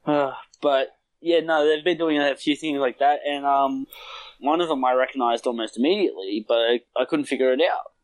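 A man's voice: medium pitch, moderate pace, rough recording. A man in casual chat with a friend, laughing often and acting out quotes with some swearing.

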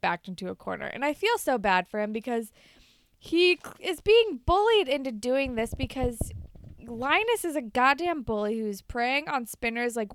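A woman's voice: fairly high pitch, clean tone, no room sound, clean studio sound. A young woman co-hosting a podcast, animatedly retelling episode scenes and acting out the lines. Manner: animated retelling with quoted voices and swearing. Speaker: podcast co-host. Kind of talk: casual recap chat.

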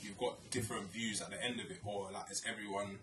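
A man's voice: fairly low pitch, steady tone, quick pace, a bit bright, distant mic. A man chatting casually, thinking aloud with lots of filler words. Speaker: podcast co-host. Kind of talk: casual chat. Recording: echoey room, off mic.

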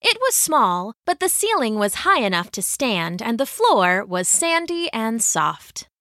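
A woman storyteller reading a scripted children's story aloud in an even, unhurried way. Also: on the high side, no room sound, studio quality. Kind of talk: scripted narration.

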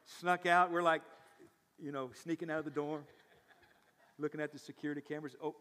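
A male pastor preaching a sermon, telling stories and swinging between loud emphatic bursts and quiet asides. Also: a little high, steady tone, fairly quick. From South Louisiana. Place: church sanctuary. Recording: reverberant church hall.

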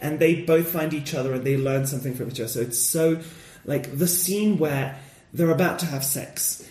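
Animated man chatting about films. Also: moderate pace, echoey room. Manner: animated, acts out movie scenes with big pitch jumps. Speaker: podcast co-host. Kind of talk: casual chat about films.

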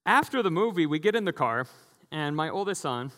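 A man's voice: a little high, sing-song, brisk, bright, forceful tone. A pastor in his thirties giving a conversational sermon in a church, telling stories, laughing often and leaning on "you know". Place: church sanctuary. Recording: long church hall reverb.

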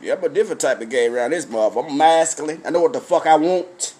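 A man telling a story as a blunt, animated comic rant, swearing constantly and breaking into laughs. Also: fairly high pitch, quick pace.

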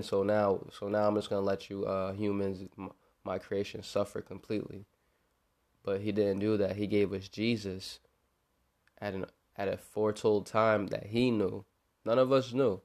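Fairly low and a little mellow, the young man's voice carries vocal fry as he hosts his podcast. He talks sincerely and casually about faith and forgiveness, often saying things twice.

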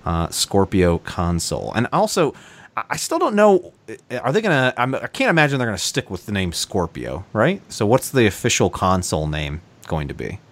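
A man with a lowish voice co-hosts a casual gaming podcast. He runs through news items in a loose, chatty way, laughing often and filling gaps with ums. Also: sing-song, moderate pace, a bit bright. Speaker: podcast co-host.

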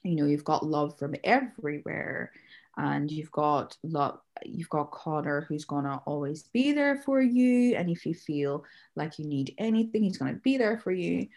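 A woman's voice: sits low, lively intonation, normal speed, a little mellow. A woman, a mother casually telling a story about her daughter and acting out the quotes, laughing often. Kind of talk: casual chat.

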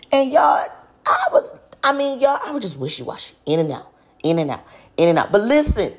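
A woman's voice: fairly high pitch, very animated, a little fast. Chatty young woman talking faith. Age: 20s. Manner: chatty and earnest, addresses listeners as y'all. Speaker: vlogger. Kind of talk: casual faith talk to viewers.

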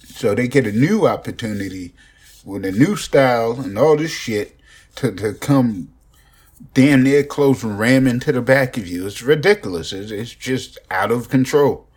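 A man's voice: mid-range voice, animated, moderate pace, a little mellow, breathy edge. A young man rambling profanely and joking in a casual podcast monologue, recorded on a phone. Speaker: podcast host.

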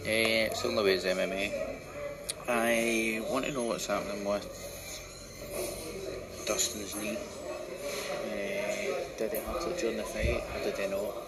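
A man's voice: little pitch movement, measured pace, long pauses, very noisy. A Scottish man leaving a voice message from a pub bar and keeping his voice down. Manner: low-key, hushed talk. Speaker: caller. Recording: voice message with loud pub music.

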